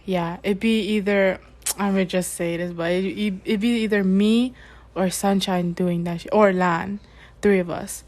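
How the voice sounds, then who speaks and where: A young woman co-hosting a podcast, recalling school days quickly, laughing and cursing. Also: mid-range voice, steady tone, a little mellow. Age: young adult. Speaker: podcast co-host. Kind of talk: casual chat.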